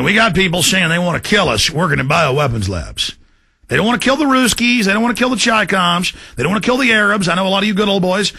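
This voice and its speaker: A man's voice: on the high side, gravelly, breathy edge. A man hosting a talk show, ranting in an impassioned monologue to his listeners. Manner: ranting, shouts in bursts, addresses folks directly.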